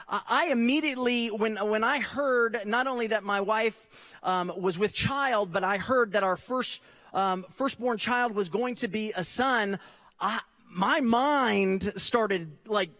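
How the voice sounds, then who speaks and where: A man preaching a sermon as pastor, telling the story conversationally and speaking directly to the congregation. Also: high-pitched. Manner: animated storytelling with frequent restarts.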